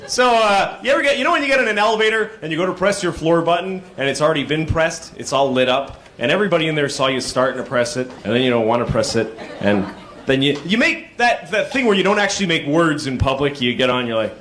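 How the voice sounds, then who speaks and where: Animated stand-up comedian, lively pitch. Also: male voice, quick pace. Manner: animated storytelling, acting out voices with sudden high yelps. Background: audience laughter.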